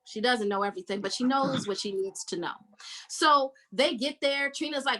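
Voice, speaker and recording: A woman's voice: fairly high pitch, moderate pace, bright, forceful tone, low-quality recording. A woman podcast host recapping a book in casual chat, telling the story with energy and acting out the characters' lines.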